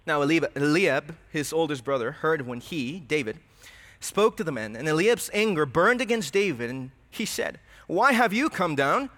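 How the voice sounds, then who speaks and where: A man's voice: on the high side, expressive, moderate pace, a bit bright. A man preaching a sermon, earnest and questioning, often repeating his words. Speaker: pastor. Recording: reverberant hall.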